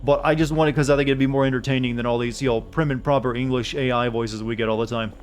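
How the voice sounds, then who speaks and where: A man's voice: mid-range voice, steady tone, fast, slight background noise. A man doing casual gaming commentary as a streamer, rambling and joking as he thinks aloud.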